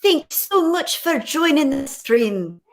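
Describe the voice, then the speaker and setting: A woman's voice: high voice, very animated, slow pace, pitched above the performer's own voice, heavily acted. A woman putting on an exaggerated fake Scottish accent to greet a viewer on a live stream. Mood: playful.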